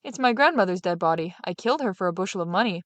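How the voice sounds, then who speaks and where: A woman's voice: on the low side, animated, fast talker, dry recording, natural voice. A greedy, vengeful farmer, read by a woman, speaks bluntly and grumbles threats. It is a storybook voice close to a dry mic. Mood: grudging. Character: greedy, brutish male farmer Big Claus, vengeful.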